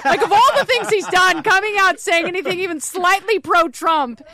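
Bright, wry woman bantering on a podcast. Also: extremely high pitch. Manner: quick, wry and joking, laughs often. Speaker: guest, fellow show host.

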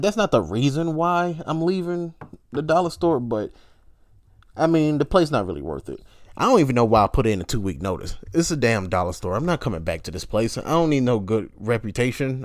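A man's voice: mid-range voice, no room sound. Profane, griping man ranting in a dry, close recording. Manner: profane, complaining, laughs often, mocking voices. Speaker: podcast host. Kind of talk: casual rambling monologue.

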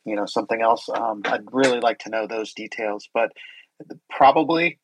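A man hosting a casual online group chat, relaxed and self-deprecating, with frequent chuckles. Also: fairly low pitch, moderate pace, a little hiss or hum, poor audio. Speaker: host.

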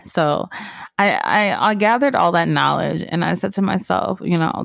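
Gravelly-voiced woman telling a casual story. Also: on the low side, normal speed, fairly bright tone, dry recording, studio quality. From American South. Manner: rambling, filler-heavy, laughs often. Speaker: podcast host.

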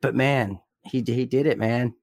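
A man's voice: medium pitch, measured pace, vocal fry, darkish tone, no echo, studio quality. A young man co-hosting a podcast, talking earnestly and emotionally, swearing casually. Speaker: podcast co-host.

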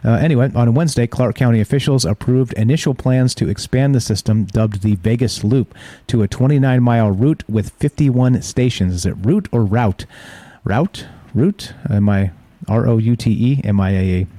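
A man's voice: mid-range voice, normal speed, dark tone, no echo. A man hosting a casual live stream, reading news headlines aloud and adding offhand asides. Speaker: show host.

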